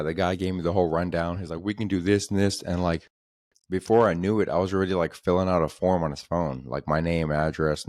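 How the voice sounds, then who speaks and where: Young male podcast host, low pitch, laid-back and profane, a "dude" every other line. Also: a little mellow, no room sound, studio quality. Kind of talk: casual comedic storytelling.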